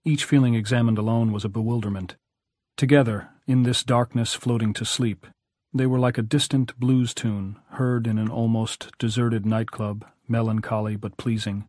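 A man narrating an audiobook in a measured, even way. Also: medium pitch, dry recording, clean studio sound.

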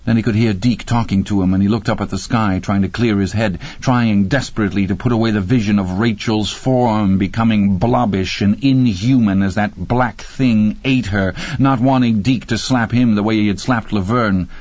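Low, husky male audiobook narrator. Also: steady tone, normal speed, hardly any pauses, darkish tone, no echo. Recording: dull lo-fi dry recording.

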